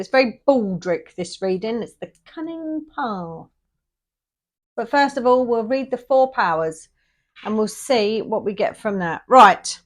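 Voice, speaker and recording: In a laid-back tarot video, a woman from England wanders off on tangents and loses track of what she was saying. Her voice is a little high, and her pace drops as she counts the cards out.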